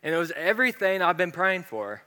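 A pastor from the American South delivers a sermon built around his own story, relaxed and conversational, with lots of ums and uhs. His high, bright, ringing voice moves fairly quickly and carries through a hall with a long echo.

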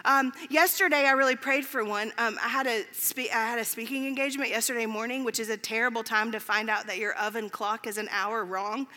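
A woman preaching a sermon, telling stories in a conversational, animated way with filler words. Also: on the high side, brisk, few pauses. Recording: long hall reverb.

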